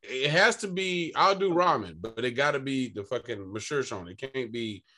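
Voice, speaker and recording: A man's voice: medium pitch, expressive, moderate pace, very noisy. A man teasing the others playfully in a casual group podcast chat.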